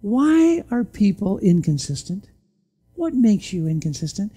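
A pastor preaching a sermon in church, firing off rhetorical questions and sometimes dropping to a quiet, low voice to land a point. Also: very animated, measured pace, husky.

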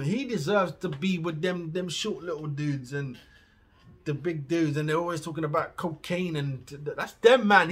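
A man, ranting bluntly in a casual reaction video and swearing freely, swinging from muttering to loud outbursts. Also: high voice, normal speed, husky. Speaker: reaction vlogger.

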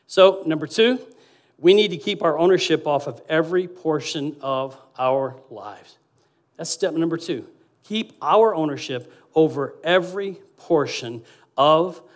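A man preaching as a guest pastor, lively, acting out quotes and swinging between loud and quiet passages. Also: fairly high pitch. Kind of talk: sermon.

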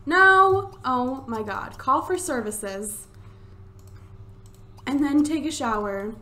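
A young woman giving casual, excitable gameplay commentary at home into a desktop microphone, swearing freely. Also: sits high, slow pace. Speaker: let's play gamer. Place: home room. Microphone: desktop USB microphone.

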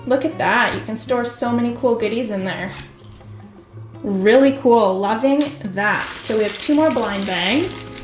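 A woman hosting a toy unboxing video, gushing with excitement and talking straight to her viewers. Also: a little high, measured pace. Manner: gushing, excitable, talks to viewers as "you guys". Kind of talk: casual unboxing commentary. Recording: echoey room with faint music.

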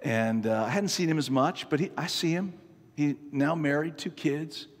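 A man in his fifties preaching a sermon, an animated, self-mocking storyteller. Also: on the high side, moderate pace. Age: 50s. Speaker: pastor. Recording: long reverb from a large hall.

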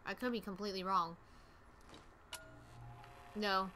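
A woman chatting excitably to viewers while streaming a video game. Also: medium pitch, unhurried, a little hiss or hum. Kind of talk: casual gameplay commentary.

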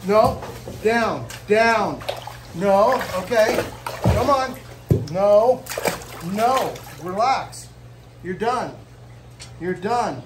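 Excitable high-voiced man feeding gators. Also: drawn-out words, pauses often, far from the mic, background noise. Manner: excitable, lots of whoas, coaxing animals. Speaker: reptile zoo keeper. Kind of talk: casual vlog narration while feeding animals. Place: reptile zoo after hours.

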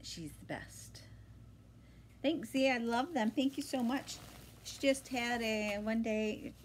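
A woman chatting casually at home in her vlog, excitable and talkative, her voice jumping high when she is thrilled. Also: slight background noise, rough recording. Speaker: vlogger. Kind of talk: casual chat.

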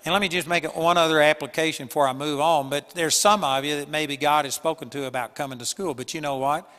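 Preacher guy, bit higher voice, earnest and punchy, lots of echo from a big hall. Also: fairly even intonation, fast talker. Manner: earnest preaching with sudden loud emphatic bursts. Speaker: pastor. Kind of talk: sermon. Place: church hall with a live audience.

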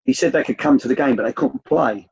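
An older man, a former youth coach, telling rambling anecdotes with many restarts in a relaxed interview. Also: medium pitch, fast talker, vocal fry, breathy edge, no room sound, lo-fi sound.

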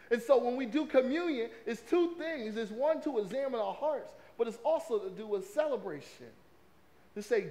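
A man from the South, preaching a lively, conversational sermon to his congregation. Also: very high-pitched, moderate pace. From American South. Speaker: pastor.

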